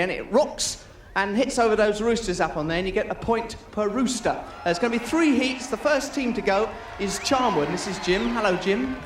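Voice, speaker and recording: A man presenting and commentating an outdoor team game, joking and teasing the players. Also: high-pitched. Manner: jokey, teasing, excitable. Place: outdoor sports field with crowd. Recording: echoey, distant mic, loud crowd.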